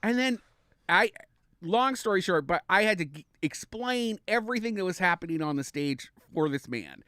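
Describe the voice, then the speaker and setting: A young adult man telling a story on a podcast, animated and acting out the people he quotes. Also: high voice, moderate pace, clean tone, no room sound, studio quality. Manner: animated, acts out quoted voices. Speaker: guest comedian.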